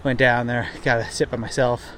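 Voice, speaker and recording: A man's voice: mid-range voice, flat delivery, moderate pace, a bit bright, a little hiss or hum. A young man recording a casual trail diary outdoors by a river, rambling and self-deprecating, with lots of swearing and fillers. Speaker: thru-hiker vlogger. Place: outdoors by a river near a town.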